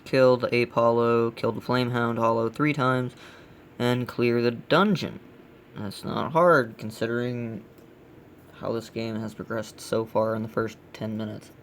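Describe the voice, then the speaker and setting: A man with a gravelly voice hosting a casual let's play, giving blunt, grumbling critique as he plays. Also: mid-range voice, fairly even intonation, unhurried, slight background noise. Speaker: gaming channel host.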